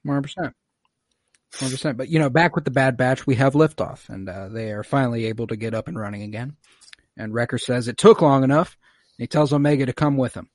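A young man hosting a casual podcast, recapping a show episode in an animated, joking way. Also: medium pitch, fast talker, dry recording, clean studio sound. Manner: animated storytelling recap with swearing and jokes. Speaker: podcast host.

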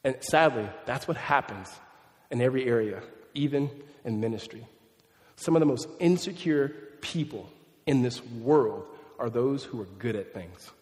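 With a long reverb tail trailing his words, a roughly thirty-year-old pastor with a mid-range voice delivers a lively, conversational sermon sprinkled with funny stories about his family.

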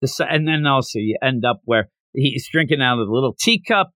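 A man from the United States in casual chat, animatedly recapping a story and slipping into quick character voices. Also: mid-range voice, sharp tone, dry recording, studio quality. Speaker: podcast co-host.

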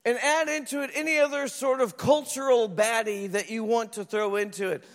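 A man preaching a sermon as pastor, telling stories in an animated way and acting out voices. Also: extremely high pitch, normal speed. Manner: animated storytelling, acts out voices. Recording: reverberant hall.

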